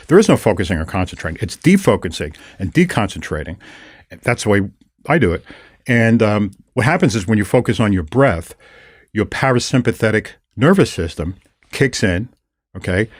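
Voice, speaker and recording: Older man telling stories, low voice. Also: moderate pace, dry recording, clean studio sound. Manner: storytelling, animated retelling of encounters. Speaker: podcast host. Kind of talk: casual conversation.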